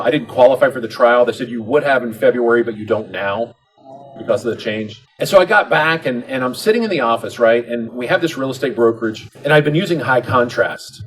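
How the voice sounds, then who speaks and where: In a convention hall, a middle-aged speaker with a mid-range male voice gives a motivational talk, recorded roughly. He's an animated storyteller, using humor and acting out each exchange.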